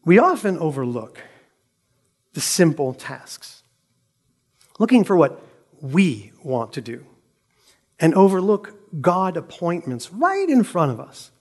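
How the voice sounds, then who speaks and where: Lively, high-pitched male preacher. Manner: emphatic, dramatic reading of scripture, rhetorical questions. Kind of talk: sermon.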